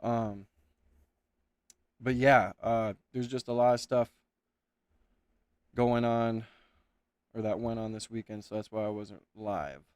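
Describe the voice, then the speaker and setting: A man's voice: lowish voice, steady tone, takes it slowly, long pauses, smooth, no room sound. Frustrated man rambling on a livestream. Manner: frustrated, rambling, swears then corrects himself. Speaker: livestream host. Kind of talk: casual livestream chat. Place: home room. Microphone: webcam setup at home.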